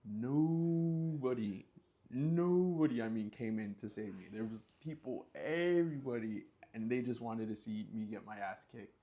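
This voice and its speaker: A man casually telling a personal story, animated, with slang and sudden high-pitched acted outbursts. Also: brisk, hardly any pauses. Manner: animated, acts out scenes with sudden high yelps and sound effects; relaxed slang-laced talk.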